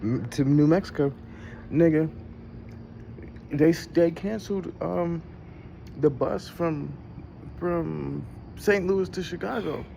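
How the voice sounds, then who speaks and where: A man's voice: a little high, slow pace, creaky, long pauses, mellow, a little hiss or hum. A young man, hosting a casual travel vlog, rambling and swearing as he talks through his frustration and laughs at it. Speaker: show host.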